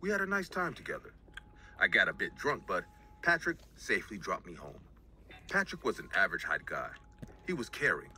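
Low-pitched man narrating a scary story. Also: wildly swooping pitch, fairly quick, pushed and bright, slight background noise. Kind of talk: scripted narration.

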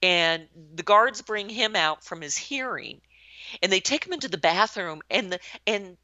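Bright-voiced woman in her sixties telling war stories. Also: mid-range voice, measured pace, no room sound. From United States. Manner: lively storyteller who acts out quoted lines. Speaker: interview guest, retired army colonel. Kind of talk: anecdotal storytelling in a podcast interview. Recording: dull lo-fi, dry sound.

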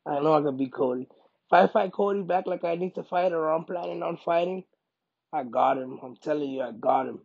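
A man, a professional fighter, speaking in a casual interview, emphatic and animated, often repeating himself for emphasis. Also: on the high side, brisk, gravelly, slightly rough, phone-quality sound. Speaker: MMA fighter.

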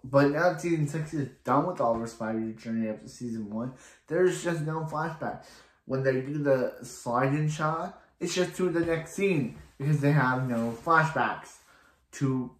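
A man's voice: mid-range voice, measured pace, echoey room. Rambling man recapping a TV episode. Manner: rambling, many fillers and restarts. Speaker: TV episode reviewer. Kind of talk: casual recap and commentary.

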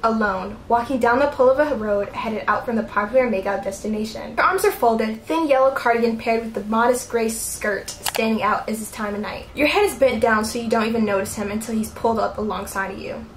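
A woman's voice: a little high, a little fast, hardly any pauses. Giggly young woman reading fan fiction. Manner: giggly, mock-outraged asides between read passages. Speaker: YouTuber. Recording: roomy echo, faint background noise.

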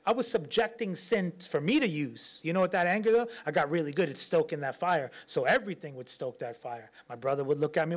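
A man's voice: on the high side, quick pace, hardly any pauses. A man preaching a sermon as pastor, telling stories with lots of laughter and acting out the voices of people in them. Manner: animated storytelling, laughs often, acts out quotes.

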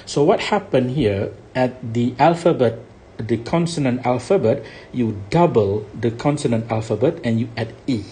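A male teacher giving a French lesson, repeating each word slowly and checking understanding with a rising "okay?". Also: medium pitch, dark tone. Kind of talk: recorded language lesson.

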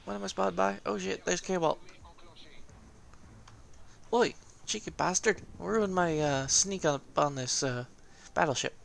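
A man giving casual, excitable gameplay commentary, laughing often and swearing cheekily. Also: high-pitched, moderate pace, gravelly, few pauses, a little hiss or hum.

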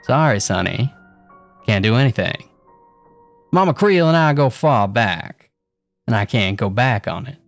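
A man's voice: medium pitch, lively intonation, unhurried, long pauses, faint music behind. A man voicing a nasal, cigar-chewing male spirit of the dead, sly and chuckling, in a horror story narration. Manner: gruff, then chuckling and sly.

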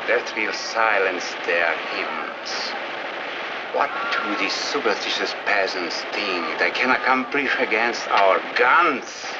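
A slow, sneering Soviet officer. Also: male voice, on the low side. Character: scornful Soviet officer with guns. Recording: dull old film soundtrack, loud engine noise.

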